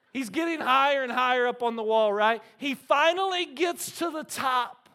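A man in his thirties, a pastor preaching a sermon, telling stories with lively energy and often checking in with the congregation. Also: very high-pitched, normal speed, few pauses. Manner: animated storytelling, frequent "right?" to the congregation.

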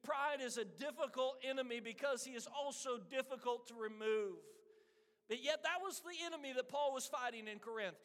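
A man's voice: extremely high pitch, a bit bright. A man preaching a sermon, telling a story and acting out the voices of its characters. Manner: earnest preaching, acts out quoted voices. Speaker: pastor. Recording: long hall reverb.

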